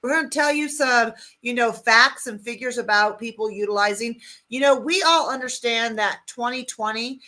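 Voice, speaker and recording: A woman's voice: fairly high pitch, normal speed, few pauses, sharp tone. A woman co-hosting an online show, opening it in an upbeat, welcoming way and listing names and platforms. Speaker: co-host.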